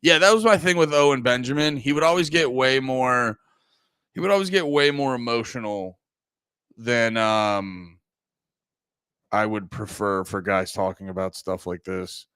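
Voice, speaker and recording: A man's voice: medium pitch, unhurried, fairly bright tone, smooth, dry recording, clean studio sound. A young man talking casually as a podcast host, rambling and swearing, often cutting himself off and laughing. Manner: profane, rambling, self-interrupting, laughs often.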